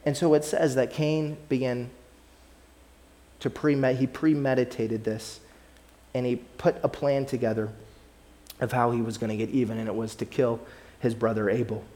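A man's voice: medium pitch, a little mellow. A man preaching a sermon in an earnest, conversational way, often repeating his phrases. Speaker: pastor.

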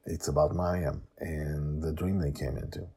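A man hosting a podcast and narrating a serialized story with lively emphasis. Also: extremely low pitch, moderate pace, husky.

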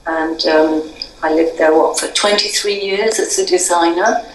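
A woman's voice: fairly low pitch, steady tone, unhurried, roomy sound, distant mic, slight background noise, low-quality recording. An older English woman in an interview, talking in a chatty, wry way with many ums and restarts. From England. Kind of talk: conversational interview.

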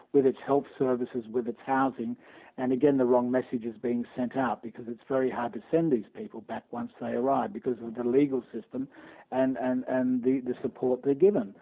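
A man's voice: medium pitch, creaky, breathy edge. Insistent man on a tinny phone line. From Australia. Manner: emphatic, insistent, frequent restarts. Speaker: interview guest, newspaper editor. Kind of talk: radio phone interview. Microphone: telephone.

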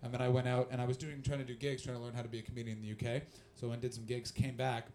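Racing along at medium pitch, this young Canadian comic riffs with the crowd and tells animated, foul-mouthed, loosely strung stories. A faint hiss or hum runs under the recording.

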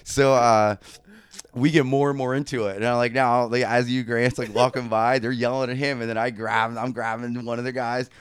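A young man co-hosting a podcast who tells a long anecdote in a casual, animated and profane way, full of fillers. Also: medium pitch, moderate pace, clear, resonant tone. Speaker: podcast co-host. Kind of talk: casual storytelling.

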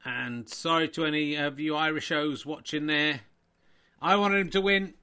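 Excitable man doing mock sports commentary. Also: on the high side, moderate pace, clean tone. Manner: playful, self-mocking, excitable.

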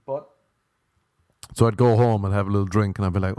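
A man's voice: fairly low pitch, fairly even intonation, fairly quick, pauses often, a little mellow, no room sound, studio quality. A young Irish man hosting a podcast, telling stories in a rambling, self-mocking comic monologue. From Ireland. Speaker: podcast host.

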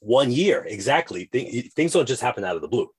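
A man's voice: mid-range voice, sing-song, fairly quick, slightly rough. A man co-hosting a podcast, chatting casually and rambling from tangent to tangent in a playful way. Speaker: podcast co-host.

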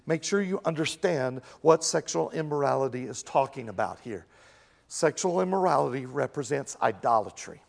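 A pastor preaching a sermon, animated and jokey, who slips into mimicking other voices. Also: male voice, fairly high pitch, normal speed, creaky, long reverb tail.

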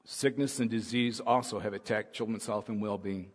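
A male pastor giving a sermon, swinging from soft musing to loud, urgent preaching. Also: fairly low pitch, fairly even intonation, moderate pace. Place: church hall. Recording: long hall reverb.

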